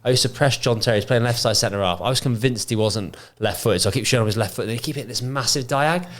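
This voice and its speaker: A man's voice: medium pitch, fast talker, fairly bright tone. A man and former footballer chatting animatedly, recounting match stories. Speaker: ex-footballer, co-host. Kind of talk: casual chat.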